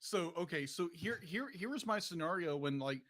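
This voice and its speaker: A man co-hosting a podcast in casual chat, excitable and quick to laugh. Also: high-pitched. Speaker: podcast co-host.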